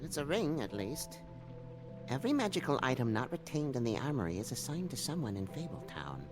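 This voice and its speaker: A fretful winged monkey librarian stammers out apologies and half-finished answers, as a man voices him. His pitch leaps wildly up and down from line to line. Game music plays behind him. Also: sing-song, fairly quick, close to an everyday voice. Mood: sheepish. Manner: timid, hesitant, apologetic.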